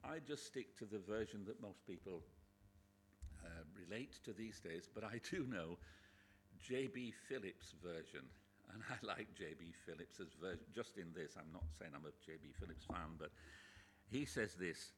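A man preaching a sermon in a church, chatty with joking asides, bursting into loud emphatic quotes. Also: low voice, moderate pace, a little hiss or hum. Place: church with a pulpit, indoors.

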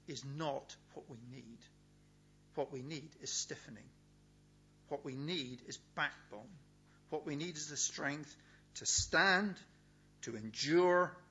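Emphatic male preacher, lively bright voice. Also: fairly high pitch. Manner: emphatic, repeats key words with pauses. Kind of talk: sermon. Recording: dull, lo-fi sound with faint hum.

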